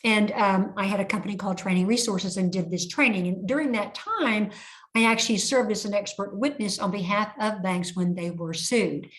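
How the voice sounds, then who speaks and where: An older woman leading an online compliance training for bankers, telling anecdotes and acting out dialogues in a lively way. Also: mid-range voice, moderate pace.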